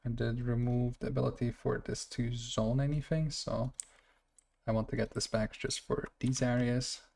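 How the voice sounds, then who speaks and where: A man talks through his city-building game in a loose, rambling way, often correcting himself mid-sentence. His voice sits at an ordinary pitch with a gravelly edge. It sounds like a home stream on a desk mic. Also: level tone, normal speed, a little mellow. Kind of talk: casual gameplay commentary.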